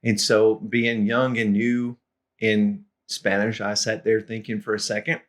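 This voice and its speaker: Relaxed, low-voiced tutor. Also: male voice, measured pace. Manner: relaxed, chuckling, clears throat now and then. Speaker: language tutor. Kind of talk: anecdotal lesson storytelling.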